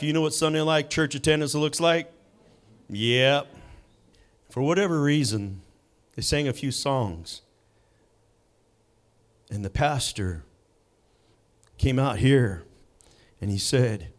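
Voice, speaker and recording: A man preaching in a church, telling a personal story slowly with dramatic pauses. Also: medium pitch. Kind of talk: sermon with personal testimony. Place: church sanctuary.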